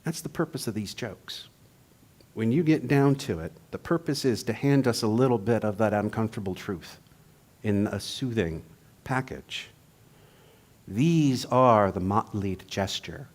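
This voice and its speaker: A man's voice: on the low side, unhurried. A man giving a humorous sermon, telling jokes in a playful, storytelling manner. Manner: playful, joke-telling, then reflective.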